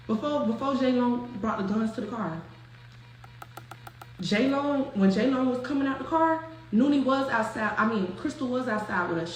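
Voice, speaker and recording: A young woman telling a story to her viewers in an animated, profane, slangy way, with many restarts. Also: on the high side. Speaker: storyteller recounting a night out. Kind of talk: casual storytelling to an online audience. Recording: roomy echo.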